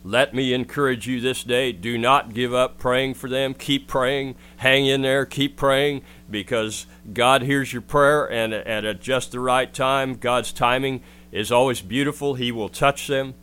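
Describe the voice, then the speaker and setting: A man's voice: mid-range voice, steady tone, unhurried, hardly any pauses, fairly bright tone, smooth. A man preaching a radio sermon, earnestly urging listeners and reading scripture.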